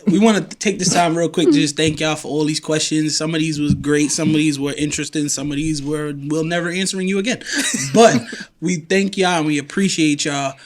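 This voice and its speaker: A man co-hosts a relaxed podcast, his voice pitched a touch high. He talks in easy slang and breaks into laughter often. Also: a little fast. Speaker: podcast co-host. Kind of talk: casual podcast chat.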